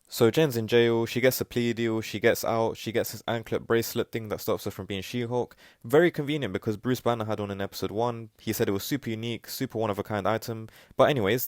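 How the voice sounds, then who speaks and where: A man's voice: on the low side, no echo, clean studio sound. A man recapping a TV episode in a sarcastic, mocking, profane way, stretching repeated words for ironic stress. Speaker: TV show reviewer.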